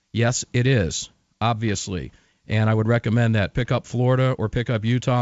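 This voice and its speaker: A man's voice: mid-range voice, no room sound, dull audio. A man hosting a radio talk show, reading listener emails and talking with a guest in an emphatic, conversational way that repeats phrases for stress.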